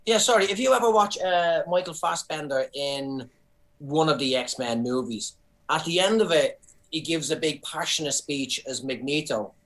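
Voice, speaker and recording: Irish man telling animated stories. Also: fairly high pitch, moderate pace, low-quality recording. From Ireland. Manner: storytelling, animated. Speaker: podcast guest, comedian. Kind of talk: casual chat.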